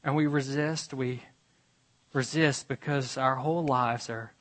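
A man's voice: medium pitch, fairly even intonation, measured pace, a bit bright. A man preaching a sermon, emphatic and repetitive, pressing his listeners with rhetorical questions.

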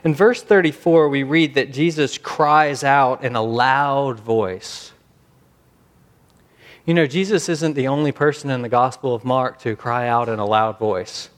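Male pastor, mid-pitched, earnest sermon delivery, slows and swells for emphasis.

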